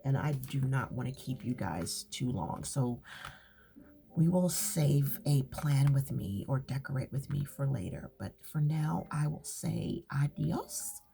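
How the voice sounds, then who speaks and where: A woman's voice: very deep voice, animated, a little slow, gravelly, dark tone. A woman chatting casually while journaling, rambling and often dropping to a whisper. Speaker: craft channel host. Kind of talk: relaxed journaling chat.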